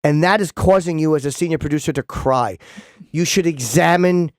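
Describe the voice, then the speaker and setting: A man's voice: fairly high pitch, normal speed, no echo. A male radio host in casual studio banter, rambling through stammered restarts and swearing freely.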